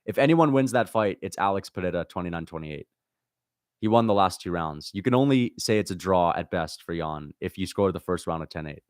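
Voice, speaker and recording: Man, livestream host, lowish voice, dry close sound, casual chat, swears a lot, frustrated outbursts and muttering. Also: lively intonation, brisk, no room sound. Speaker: livestream host reacting to fights.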